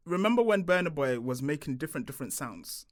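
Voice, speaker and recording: A man, a podcast guest in casual, animated chat, joking and laughing as he argues. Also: fairly high pitch, quick pace, crowd noise.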